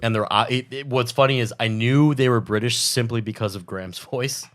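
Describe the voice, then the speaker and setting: A man co-hosting a podcast in casual chat, answering with short quick reactions and quips. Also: medium pitch, fairly bright tone. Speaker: podcast co-host.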